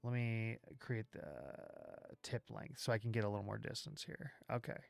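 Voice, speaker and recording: A man hosting a livestream, walking through software live while thinking aloud, with halting restarts, and chatting with viewers as he works. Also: fairly low pitch, lively intonation, gravelly, no room sound, soft background music. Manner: chats with viewers while working. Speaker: livestream host.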